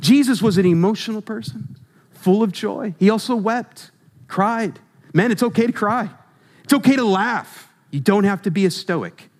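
A man's voice: high-pitched, moderate pace, darkish tone. A man preaching a sermon, conversational and humorous, asking his congregation questions as he goes.

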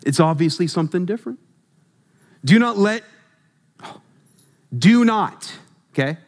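A man's voice: sits high, expressive, measured pace. A man preaching a sermon, conversational and humorous, asking his congregation questions as he goes.

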